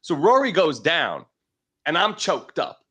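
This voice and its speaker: A man tells a personal story in casual studio chat. His delivery is expressive, and his pitch moves a lot. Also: a little slow, slightly rough. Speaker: show regular.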